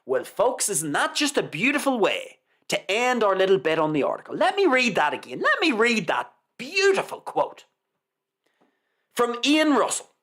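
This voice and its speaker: A man's voice: high voice, huge pitch swings, normal speed, a bit bright. A man hosting a live show, reading a news article aloud with sarcastic, mock-reverent commentary and repeating lines for effect. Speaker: host.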